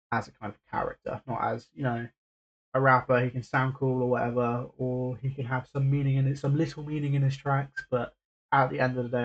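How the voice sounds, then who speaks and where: A man's voice: mid-range voice, gravelly, husky, highs cut off. A man hosting a reaction video, talking casually and hesitantly with lots of fillers and restarts.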